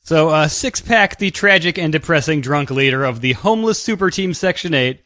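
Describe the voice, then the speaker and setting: A man's voice: fairly high pitch, moderate pace, pushed and bright, dry recording, clean studio sound. A man co-hosting a podcast about comics, chiming in with short reactions and jokes. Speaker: podcast co-host. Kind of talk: casual comics review chat.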